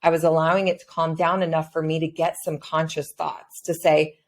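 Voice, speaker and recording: A woman's voice: deep voice, flat delivery, a little fast. A woman hosting a podcast, reflectively retelling her own past thoughts in casual conversation. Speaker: podcast host.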